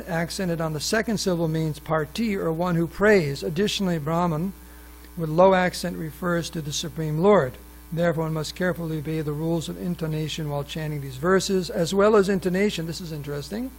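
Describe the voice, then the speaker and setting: This is a class speaker at a temple, a man with a high-pitched voice, captured on a low-quality recording in the temple hall. He reads scripture aloud, throws in asides and questions for listeners, and frequently restarts his sentences with plenty of fillers.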